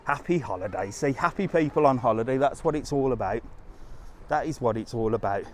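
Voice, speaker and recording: Medium-pitched and expressive, this man talks fairly quickly over slight background noise. He's a travel vlogger livestreaming on a handheld phone, chatting bluntly and casually as he strolls along a seafront outdoors.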